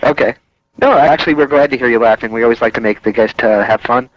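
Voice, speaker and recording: A man's voice: mid-range voice, fast, no echo, highs cut off. A man hosting a casual phone interview, friendly and reassuring as he counts down takes. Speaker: radio show host.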